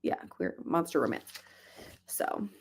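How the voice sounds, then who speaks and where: A woman hosting a relaxed reading livestream, chatting casually with viewers, laughing often and talking softly to her cat. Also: a bass voice, a little slow, breathy edge. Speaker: livestream host. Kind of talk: casual chat.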